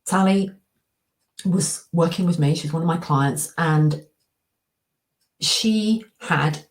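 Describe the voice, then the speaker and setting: A middle-aged woman with a deep voice takes it slowly as she tells a story. She's an anxiety coach and speaker presenting with slides, acting out her inner dialogue.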